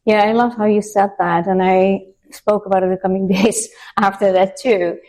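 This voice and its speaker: A woman asks questions in a casual interview. Her voice is mid-pitched and ordinary. She talks freely in loose, slightly unusual phrasing and laughs easily. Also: flat delivery, moderate pace, darkish tone, low-quality recording.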